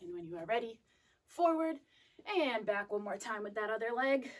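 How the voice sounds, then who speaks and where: A young woman instructor cues moves in an upbeat coaching manner while she works out, sniffly and catching her breath. Her voice sits fairly high. She sounds set back from the microphone in a fitness studio. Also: expressive, moderate pace. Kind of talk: live workout class cueing. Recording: voice distant from the mic.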